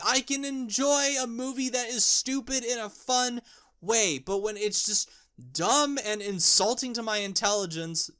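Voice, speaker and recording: Bright tense voice, exasperated film review rant, swearing, repetitive restarts. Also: medium pitch, unhurried. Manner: exasperated, profane, ranting; repeats words and restarts when worked up.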